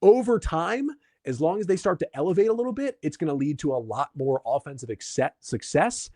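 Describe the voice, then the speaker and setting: A man hosting a solo sports podcast, explaining baseball numbers and answering listener questions in a brisk, stat-heavy way. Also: on the high side, sing-song, dark tone, no room sound, studio quality. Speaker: podcast host.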